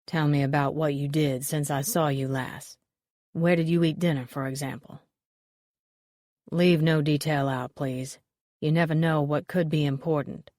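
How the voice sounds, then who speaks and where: Stern male detective for an audiobook, low and deliberate, played by a female narrator. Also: fairly even intonation, a little mellow, no room sound, clean studio sound. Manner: curt, measured questioning.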